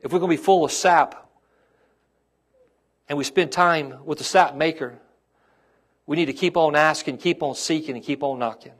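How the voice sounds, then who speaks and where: A man's voice: a little high, normal speed, pauses often. A man, a pastor preaching a sermon to his congregation and calling out to them as his intensity rises.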